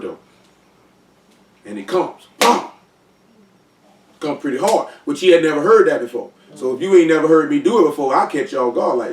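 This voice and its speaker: A man leading a casual Bible study, teaching scripture with slangy, animated, joking asides, recorded at a distance in an echoey room. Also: fairly high pitch.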